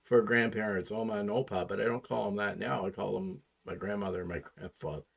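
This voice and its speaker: A man's voice: fairly low pitch, steady tone, quick pace, gravelly, breathy edge. A man co-hosting a casual livestream, making offhand, mumbled asides from a little away from the mic. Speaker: livestream co-host. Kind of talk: casual chat.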